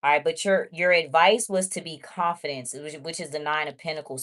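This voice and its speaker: A woman's voice: sits low, fairly even intonation, fairly quick, hardly any pauses, fairly bright tone. A woman giving a casual tarot reading, chatty and blunt, talking straight to her viewers. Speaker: tarot reader.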